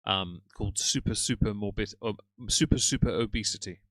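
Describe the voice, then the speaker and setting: A man's voice: on the low side, fairly quick, a bit bright, no room sound. A man doing sarcastic live-stream reaction commentary and greeting viewers by name.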